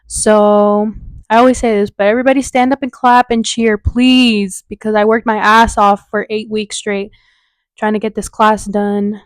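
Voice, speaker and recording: Chatty young woman, echoey room. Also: mid-range voice. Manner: candid, expressive, swears freely, fillers like "um" and "like". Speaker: podcast host. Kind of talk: casual chatty podcast monologue.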